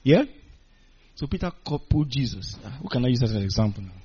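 A man preaching a sermon, animated and calling out to his congregation, chuckling between points. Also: mid-range voice, fairly quick, breathy edge. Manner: animated, call-and-response with congregation. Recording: dull lo-fi recording.

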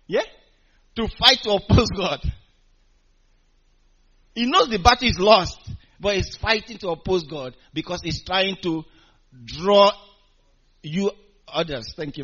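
A man preaching a sermon, animated and calling out to his congregation, chuckling between points. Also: sits high, slightly rough. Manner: animated, call-and-response with congregation. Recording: dull lo-fi recording.

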